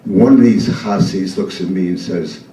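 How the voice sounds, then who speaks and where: A man's voice: low voice, normal speed, warm tone. A man in his seventies doing a profane, rambling comic monologue on a live club stage, full of restarts. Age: 70s. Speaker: performance artist. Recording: roomy live club sound, distant mic.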